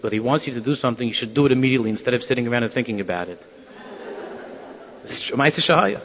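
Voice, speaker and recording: A man telling a Hasidic story to listeners, acting out the quoted voices with lively shifts of tone. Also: medium pitch, breathy edge. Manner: animated, acts out quoted voices. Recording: dull lo-fi sound in a reverberant hall.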